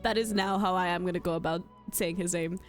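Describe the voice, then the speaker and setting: A woman streamer giving casual commentary while playing a game, excitable and quick to laugh and exclaim. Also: on the low side, faint music behind.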